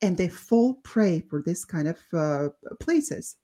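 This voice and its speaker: Lady cohost chatting on a podcast, soft warm voice, lots of ums. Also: on the low side, big pitch swings, slow pace. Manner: thoughtful, many fillers and restarts. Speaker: co-host, doctor. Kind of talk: casual podcast talk.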